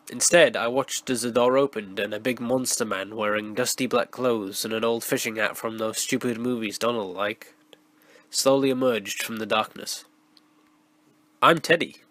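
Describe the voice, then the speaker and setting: Hoarse man narrating a horror story. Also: medium pitch, a bit bright, dry recording. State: hoarse from a cold. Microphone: raw, unprocessed close mic.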